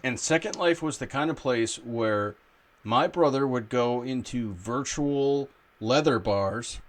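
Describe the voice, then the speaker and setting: A man's voice: mid-range voice, slow. A man hosting a casual chat over a video call, joking and crude. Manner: joking, crude, wraps up the talk. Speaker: podcast host.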